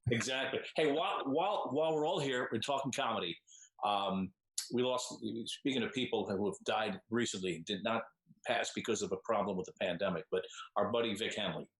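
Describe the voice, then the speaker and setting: A man hosting a comedy roundtable over a video call, speaking in a measured, announcing way. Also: on the low side, fairly bright tone, roomy sound, rough recording. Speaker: host.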